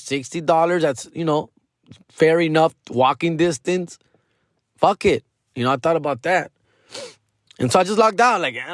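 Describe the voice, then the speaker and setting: A middle-aged man with a fairly high voice hosts a comedy podcast, telling an animated, slangy story packed with swearing and sprinkled with Spanish phrases. The studio sound is clean, with no echo.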